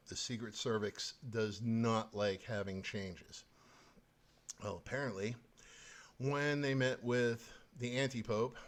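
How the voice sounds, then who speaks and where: Swearing, ranting male podcast host. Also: fairly low pitch. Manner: angry, swearing, scornful. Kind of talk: profane political rant.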